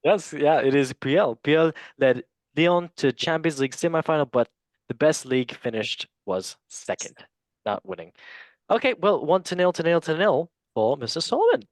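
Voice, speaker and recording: A man's voice: a little high, lively intonation, normal speed, dry recording. A man hosting a casual football quiz, joking and stumbling over French names. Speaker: quiz master.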